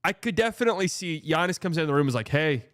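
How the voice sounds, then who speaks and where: A man's voice: a little high, animated, racing, no room sound, clean studio sound. A man hosting a casual sports commentary show, sarcastic and blunt, swearing freely. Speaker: host.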